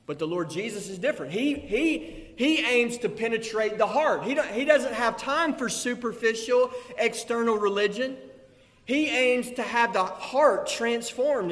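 A man preaching a sermon, emphatic, building to loud declarations. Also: extremely high pitch. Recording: long hall reverb.

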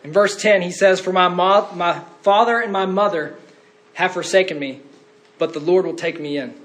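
High-voiced earnest male preacher. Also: moderate pace, a bit bright. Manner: earnest, rising to fervent cries in quotes. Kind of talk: sermon.

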